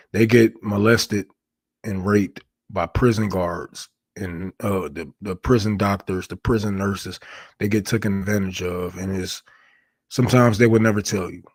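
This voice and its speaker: A man's voice: sits low, husky, no room sound. A man hosting a livestream in casual commentary, talking in a rambling way with heavy slang and lots of swearing. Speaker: livestream host.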